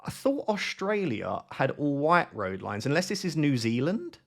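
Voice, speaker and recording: A man giving live gameplay commentary, thinking aloud in an excitable, self-questioning way. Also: on the high side, normal speed. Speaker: gaming YouTuber.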